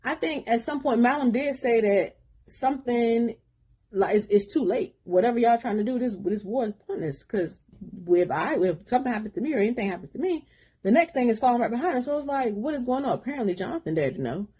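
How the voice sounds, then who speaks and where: Brief: husky-voiced woman, relaxed book recap, rambling and slangy. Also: a little high, a little fast. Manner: rambling retelling with slangy asides. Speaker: book reviewer.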